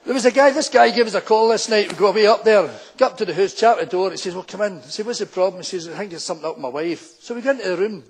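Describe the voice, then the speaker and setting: A man's voice: sits high, rapid-fire, hardly any pauses, husky. A Scottish man with a Glaswegian accent, an older former policeman, doing live stand-up storytelling on stage and acting out the people in his anecdotes in broad local dialect. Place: town hall stage before a full house.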